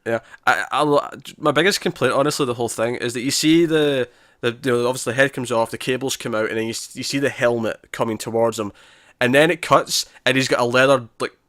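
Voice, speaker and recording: A man co-hosting a podcast about TV episodes, chatting casually and acting out lines from scenes with quick restarts. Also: mid-range voice, steady tone, a bit bright, no echo, studio quality. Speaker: podcast co-host. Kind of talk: casual chat.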